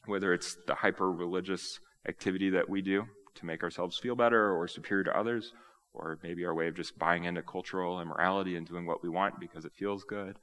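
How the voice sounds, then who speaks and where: A man preaching a sermon, acting out quoted lines with animated energy. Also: sits low, brisk. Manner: animated, acts out quoted speech. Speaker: pastor.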